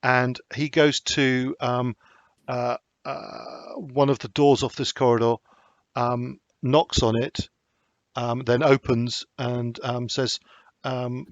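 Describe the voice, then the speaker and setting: Man, game master, halting delivery full of ums, dry close sound, slightly dull lo-fi audio. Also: medium pitch, level tone, vocal fry, no echo. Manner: hesitant, many ums and restarts. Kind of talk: narrating a tabletop horror game.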